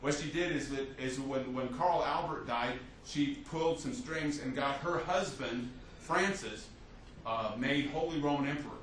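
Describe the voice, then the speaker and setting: A man teaching a history class as a lecturer, telling the story with lively restarts and fillers. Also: mid-range voice, normal speed. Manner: animated storytelling with many restarts. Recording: echoey classroom from a distance, faint hiss.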